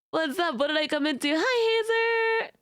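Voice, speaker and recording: High-voiced giggly woman streamer. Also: animated, unhurried, a bit bright, dry recording, clean studio sound. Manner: giggly, playfully teasing. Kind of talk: casual live-stream chat.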